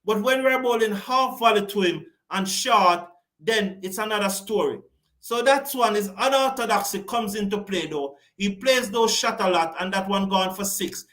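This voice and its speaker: This is a man from the West Indies, hosting a live online cricket commentary. His voice sits high for a man. He commentates with open passion, repeats his points for emphasis and answers viewers' comments as he goes. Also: bright, forceful tone.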